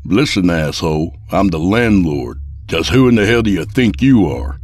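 A man doing a loud, barking landlord. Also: low-pitched, expressive, moderate pace, no echo. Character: arrogant, barking middle-aged landlord.

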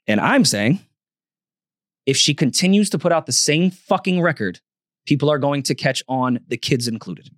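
A man's voice: a little high, animated, moderate pace, fairly bright tone, no room sound, studio quality. A man co-hosting a podcast who argues his point matter-of-factly and swears freely. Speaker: podcast co-host. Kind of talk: heated casual debate.

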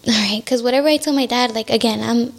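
Young woman with a high, gravelly voice. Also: fast. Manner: candid, acts out what others said to her. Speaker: podcast guest. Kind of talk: personal storytelling in casual chat.

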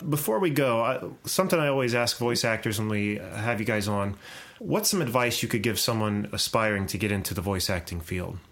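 A man hosting a podcast interview, enthusiastic and quick to laugh. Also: on the low side, fairly bright tone. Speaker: podcast host. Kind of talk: casual interview chat.

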